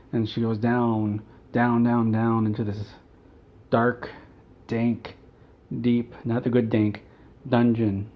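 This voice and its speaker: Casting: male comic storyteller, deadpan and rambling, mid-range voice, slightly muffled lo-fi recording. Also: medium pitch. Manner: rambling, deadpan delivery of absurd events. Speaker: vlogger telling an absurd story.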